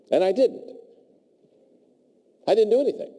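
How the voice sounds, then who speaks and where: A man's voice: mid-range voice, fairly quick. A man giving a motivational leadership talk in a large hall, telling stories and acting out the dialogue. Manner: animated storyteller who acts out dialogue. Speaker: leadership speaker. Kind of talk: motivational speech. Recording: long hall reverb.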